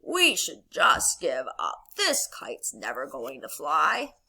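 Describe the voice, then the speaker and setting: A woman voicing a gloomy, discouraged male toad in a storybook read-aloud, speaking in a slow, mopey, defeated way. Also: deep voice, wildly swooping pitch, creaky, bright, forceful tone, slightly rough, pitched below the performer's own voice, heavily acted. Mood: glum.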